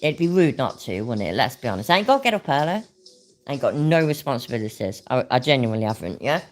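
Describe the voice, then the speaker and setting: A woman's voice: extremely low pitch, very animated, quick pace. A woman hosting a livestream, chatting casually, swearing and laughing as she drinks. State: drinking while talking. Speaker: livestream host. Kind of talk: casual chat.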